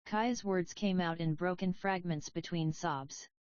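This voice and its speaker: A woman narrating a story audiobook in an even, measured reading voice. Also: lowish voice, clean tone, no room sound. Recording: dry, slightly dull audio.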